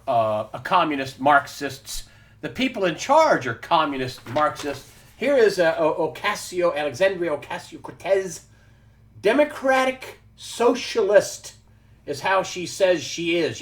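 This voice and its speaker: A man's voice: high voice, fairly bright tone. Emphatic male news show host. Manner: emphatic, combative, addresses listeners as folks. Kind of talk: opinionated political news commentary.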